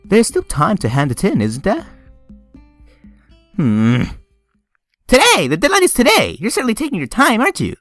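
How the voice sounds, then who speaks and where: A man voicing a loud, bubbly and pushy teenage schoolgirl, speaking in a shrill, shouting voice. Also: huge pitch swings, moderate pace, long pauses, dry recording, faint music behind, full character voice. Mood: scolding.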